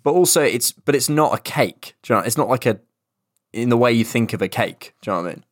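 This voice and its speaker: A man's voice: mid-range voice, animated, quick pace, no room sound, studio quality. A young man co-hosting a casual podcast, chatty and rambling, swearing casually. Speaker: podcast co-host. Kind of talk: casual chat.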